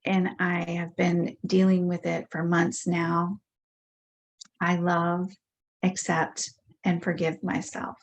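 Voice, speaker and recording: A woman guiding a tapping exercise in slow, measured phrases. Her voice sits low and stays fairly flat, each line spoken deliberately and repeated. The delivery is calm and unhurried even while naming frustration. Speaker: EFT tapping practitioner.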